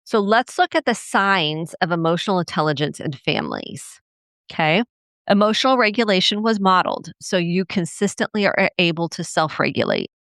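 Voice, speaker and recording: Earnest woman therapist, smooth dry voice. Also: sing-song, normal speed, fairly bright tone, dry recording. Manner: earnest, reflective, acts out quoted parents in a higher voice. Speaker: podcast host and family therapist. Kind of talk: solo podcast teaching.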